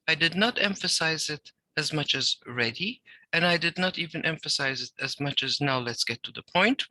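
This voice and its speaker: Bright-voiced man explaining typography. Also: fairly high pitch, no room sound, poor audio. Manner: explanatory, reads text aloud with deliberate pauses and emphasis. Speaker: typography teacher. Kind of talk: recorded design lecture.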